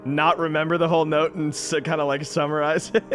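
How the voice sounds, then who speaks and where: A man's voice: fairly high pitch, little pitch movement, a little fast, fairly bright tone, faint music behind. A man running a tabletop game as game master, narrating casually with rambling and frequent laughs.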